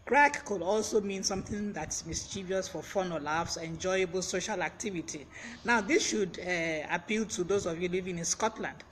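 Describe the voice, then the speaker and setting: A man hosts a live-streamed word lesson, his voice pitched high and bright. He is chatty and breaks off to greet viewers by name. A faint fan hums behind him. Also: normal speed, slight background noise. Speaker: vocabulary teacher on a live stream. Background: fan blowing.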